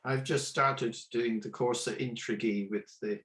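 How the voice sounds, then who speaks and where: A man speaking in a casual panel conversation, hesitant and self-deprecating with halting starts. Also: medium pitch, fairly even intonation, fairly bright tone.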